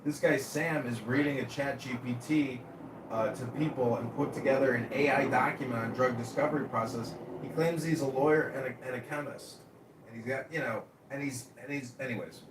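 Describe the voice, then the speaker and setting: A man telling rambling stories in casual chat, animated and profane, acting out the people he quotes. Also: mid-range voice, a little fast. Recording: echoey room, distant from mic, faint noise.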